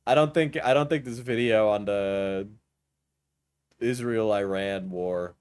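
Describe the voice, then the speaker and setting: A man's voice: on the low side, fairly even intonation, takes it slowly, a little mellow, clear, resonant tone, no room sound, clean studio sound. A man with a New York accent giving crude, mocking commentary over a video during a live stream.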